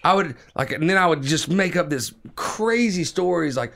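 A man's voice: fairly high pitch, normal speed, creaky. Profane man telling a podcast story. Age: 40s. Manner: animated, profane, mimics voices in quotes. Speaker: podcast host.

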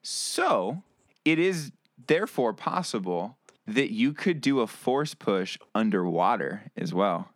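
A man with a fairly low voice trades ideas in loose, excited podcast chatter. He laughs easily and trips over his own sentences as thoughts pile up. The sound is close and dry. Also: slow pace, no echo. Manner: animated, laughs often, restarts mid-thought. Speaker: podcast co-host. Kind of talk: casual chat.

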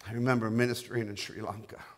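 A middle-aged male pastor preaching a sermon, telling a testimony softly and rising to loud, impassioned declarations. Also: on the low side, little pitch movement, fast talker. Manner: quiet storytelling building to loud, impassioned declarations.

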